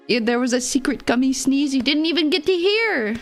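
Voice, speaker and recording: Giggly high-voiced woman streamer. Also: expressive, a little fast, soft background music. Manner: giggly, playful, teasing. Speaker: livestreamer. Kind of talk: casual chat with viewers.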